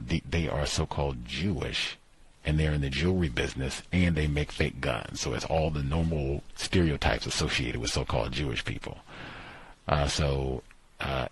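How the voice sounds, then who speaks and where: A man casually discussing a book he is reading aloud from, thinking out loud and pausing with "uh, let's see" as he goes. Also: extremely low pitch, slightly rough. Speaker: book commentator.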